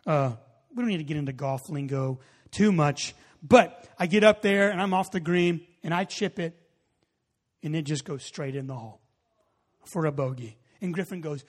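Male pastor, thirties, high voice, lively storytelling sermon, long hall echo. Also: normal speed. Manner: animated storytelling, acts out his own reactions.

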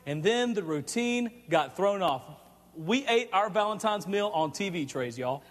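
In a large hall with long reverb, a high-voiced man delivers a storytelling sermon at a measured pace. He's chatty and animated, stumbling over his words and repeating them as the long story unfolds.

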